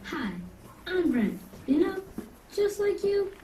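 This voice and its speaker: A woman voicing a friendly young boy in an educational video, cheerfully telling children how he calms down. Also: very high-pitched, takes it slowly, heavily acted. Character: friendly young boy explaining calm breathing. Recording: echoey, distant, noisy video playback.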